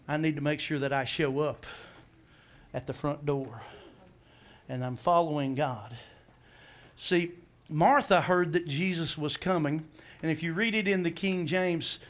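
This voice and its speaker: A pastor with a somewhat high voice preaches a sermon animatedly. He acts out the voices from scripture and poses questions to the congregation.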